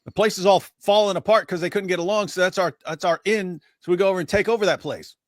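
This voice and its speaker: A man's voice: high voice, fast talker, dry recording, clean studio sound. A man co-hosting a casual livestream, joking and bantering, often mimicking other people. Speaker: livestream co-host.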